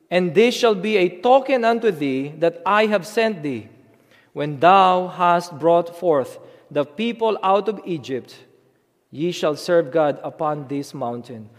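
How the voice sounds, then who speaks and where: A man's voice: extremely high pitch, in a large hall. A man preaching a sermon in an earnest way, often repeating words and acting out imagined prayers.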